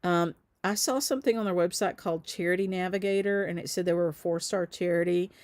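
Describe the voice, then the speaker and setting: A woman's voice: on the low side, fairly even intonation, quick pace, darkish tone, dry recording. A woman with a light Southern accent, a shop owner chatting casually on a live stream, upbeat, with lots of ums. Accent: Southern US, softened by travel. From Southern United States. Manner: chatty and upbeat, with frequent ums and little laughs.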